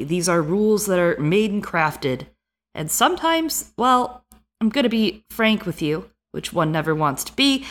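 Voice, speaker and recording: A woman with a Midwestern American accent co-hosting a podcast, animated and frank, swearing freely. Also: mid-range voice. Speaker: podcast co-host. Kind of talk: casual podcast chat.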